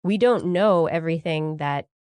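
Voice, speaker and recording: A woman's voice: sits low, moderate pace, a little mellow, clear, resonant tone, no room sound. A woman co-hosting a casual science podcast, musing aloud in a speculative way that often trails off. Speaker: podcast co-host presenting a news segment.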